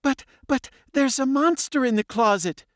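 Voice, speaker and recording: A man's voice: very high-pitched, expressive, moderate pace, dry recording, clean studio sound, voice pushed up. A man doing a terrified stammering little boy. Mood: panicked. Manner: stammering, panicked. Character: frightened young boy with no knees.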